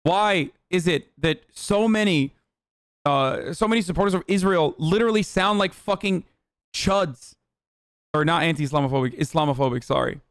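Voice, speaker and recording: A man's voice: fairly high pitch, animated, moderate pace, no room sound, studio quality. A man hosting a livestream, giving heated, sarcastic political commentary with lots of swearing. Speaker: livestream host. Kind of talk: ranting political commentary stream.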